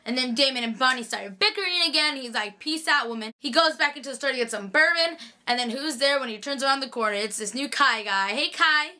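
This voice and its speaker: A woman's voice: high voice, fairly quick, few pauses, sharp tone. A young woman chatting casually through a TV episode recap, gushing and full of "like". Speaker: TV recap vlogger.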